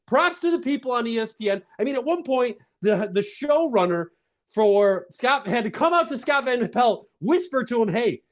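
A man rants on a casual fan podcast. He is fired up, swinging between low, muttered complaints and loud bursts. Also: expressive, normal speed. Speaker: podcast co-host.

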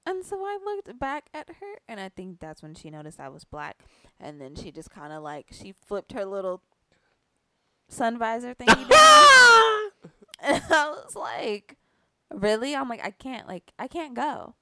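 A woman co-hosting a podcast, telling her own story in an emphatic, expressive way during casual chat. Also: medium pitch, normal speed, dry recording. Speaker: podcast co-host.

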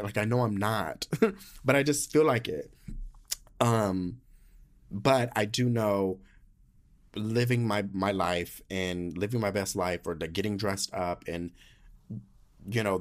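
Sassy animated young man, casual monologue. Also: fairly low pitch, unhurried. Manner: sassy, animated, frequent slang and swearing. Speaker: podcast host.

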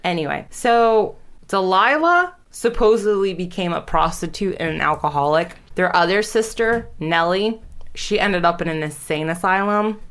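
A woman's voice: lowish voice, expressive, normal speed, a bit bright. A woman telling a true story in casual chat, giggly, often trailing off and restarting.

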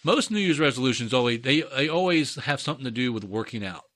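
A middle-aged man chatting crudely on a podcast, rambling with halting restarts. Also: mid-range voice, animated, a bit bright. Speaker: podcast co-host. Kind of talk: casual crude banter.

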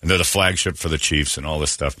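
A man's voice: extremely low pitch, fairly even intonation, fast, bright, forceful tone, no echo, clean studio sound. A man who works as a radio host, telling rambling anecdotes in casual chat and acting out quoted lines.

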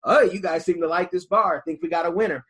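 A man in casual chat, relaxed and agreeable, stammering a little as he starts. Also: high voice, fast, breathy edge.

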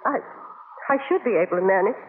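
An actress playing a wry, steady young woman who narrates in 1940s radio drama style, dry and teasing. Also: medium pitch, fast, lightly acted. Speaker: narrator and farm wife. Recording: tinny, hissy old radio broadcast.

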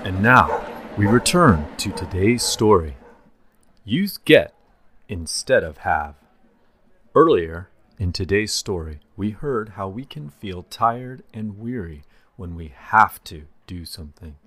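A man hosting a scripted language lesson podcast, speaking in a calm, deliberate and clearly enunciated way. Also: fairly low pitch, no room sound.

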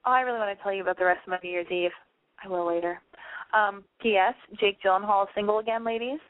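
A woman's voice: medium pitch, steady tone, quick pace, no room sound. Young woman host rambling and swearing, lots of "like", sounds like an old phone line. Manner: chatty, swears a lot, many likes. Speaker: call-in show host. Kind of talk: casual chat, profane and rambling. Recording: dry tinny phone-like sound.

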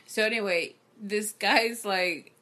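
A woman's voice: mid-range voice, slow. A woman hosting a show, chatting casually on a video call through a condenser mic and acting out the people she quotes. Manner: animated storyteller who acts out quoted people. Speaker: show host. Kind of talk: casual chat.

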